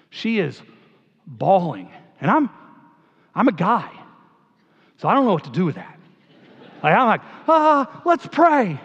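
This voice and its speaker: High-voiced middle-aged pastor telling stories. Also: male voice, fairly bright tone. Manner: conversational, humorous storytelling. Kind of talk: memorial eulogy storytelling. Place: church hall. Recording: dull sound with long church reverb.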